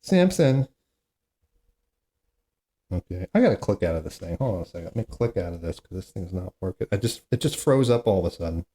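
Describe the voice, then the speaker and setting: A man hosts a one-man comedy podcast and reels off terrible jokes. His voice is mellow and dark, and it swoops around a lot between the punchlines. He mocks himself along the way, complaining about his own material. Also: sits low, big pitch swings, brisk, slightly rough. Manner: self-mocking, groans at his own bad jokes, chatty asides. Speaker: podcast host. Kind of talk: solo comedy podcast, reading corny jokes.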